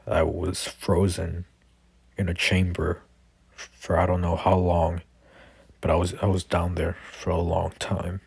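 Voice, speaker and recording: A man voicing a cold, amnesiac young male super-soldier, speaking flat and terse. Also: sits low, unhurried, vocal fry, husky, no echo, heavily acted.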